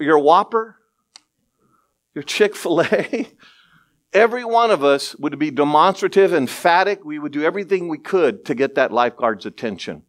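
A middle-aged male pastor preaching a sermon, telling stories with lively acted-out voices and frequent laughter. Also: a little high, moderate pace. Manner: animated storytelling, acts out voices, laughs often.

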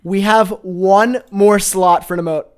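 Excitable chatty male streamer. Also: high voice, smooth. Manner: excitable, chatty, quick to laugh and exclaim. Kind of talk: live gaming stream chat.

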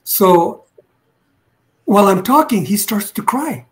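An older man, a retired police detective, tells a long story in a casual interview, his voice sitting high and his speed normal. He rambles, restarts his sentences, and acts out what other people said.

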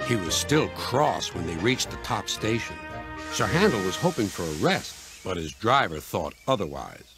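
A man giving scripted narration of a children's story in a gentle, measured way. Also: sits low, sing-song, music in the background.

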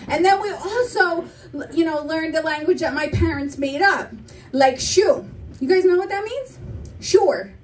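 A young woman performing a stand-up comedy set, animated and slipping into quick impressions of her family. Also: very high-pitched, recorded from a distance, a little hiss or hum, poor audio. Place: comedy club stage.

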